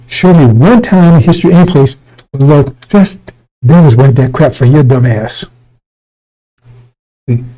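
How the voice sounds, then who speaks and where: Gravelly, dark-toned preacher man. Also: on the high side, rough recording. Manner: blunt and profane, mocking voices, laughing. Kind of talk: loose street sermon.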